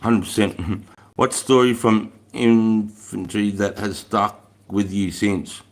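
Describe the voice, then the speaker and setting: A man's voice: lowish voice, fairly even intonation, takes it slowly. An Australian man in his thirties hosting a live stream, chatting casually, reading out comments and telling army stories with plenty of slang and swearing. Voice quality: laid-back, swears freely, lots of Aussie slang. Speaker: livestream host.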